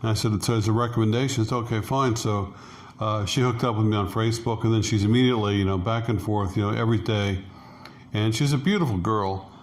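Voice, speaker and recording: A man's voice: fairly low pitch, fast talker. A middle-aged man casually telling a rambling personal story, full of fillers and acted-out quotes. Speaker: interview guest, expat.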